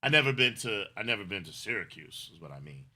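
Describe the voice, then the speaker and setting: A man's voice: fairly low pitch, sing-song, fast, sharp tone. A middle-aged man co-hosting a casual livestream, talking in a rambling, effusive way and thanking viewers emotionally. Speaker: livestream co-host.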